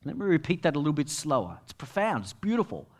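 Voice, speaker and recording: Middle-aged male pastor, sermon, storytelling manner with quiet asides; high, very lively voice. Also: quick pace.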